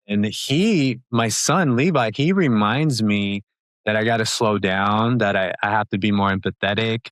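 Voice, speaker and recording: A man in his thirties, an upbeat and chatty interview guest who talks quickly with many fillers and laughs. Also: lowish voice, fairly bright tone, dry recording. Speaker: podcast guest. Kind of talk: casual interview talk.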